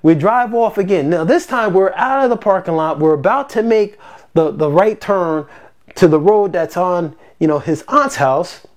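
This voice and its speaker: A parent casually telling a personal story to camera, animated and exasperated, acting out the quoted lines with big jumps in pitch. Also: moderate pace. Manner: exasperated, recounting a grievance.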